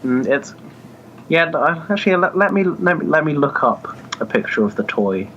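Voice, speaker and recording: A man's voice: on the high side, sing-song, normal speed, highs cut off, noisy background. A man co-hosting a podcast, chatting casually about comics with frequent laughter and hesitant fillers. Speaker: podcast co-host. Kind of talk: casual comic book discussion.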